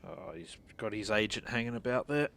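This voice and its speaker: A man's voice: medium pitch, a little fast, a bit bright, clean tone. A man thinking aloud as he plays a strategy game, muttering and mocking his own mistakes. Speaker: gaming channel host.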